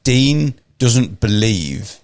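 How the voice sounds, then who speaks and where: A man's voice: medium pitch, very animated, drawn-out words, no room sound. A young man, co-hosting a podcast in upbeat, eager casual chat, swearing casually. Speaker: podcast co-host. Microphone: podcast studio mic.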